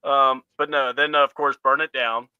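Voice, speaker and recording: A man co-hosting a casual podcast chat, animated, laughing often and acting out quotes as he talks. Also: mid-range voice, moderate pace, smooth, dry recording, dull audio. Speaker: podcast co-host.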